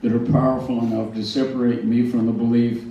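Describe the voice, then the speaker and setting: A man's voice: mid-range voice, level tone, a little fast, mellow, slight background noise. An older man telling personal stories to a live audience, self-deprecating, with frequent stammering restarts. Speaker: speaker at a museum talk. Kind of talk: storytelling talk to an audience. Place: large hall. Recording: far-off echoey hall, dull sound.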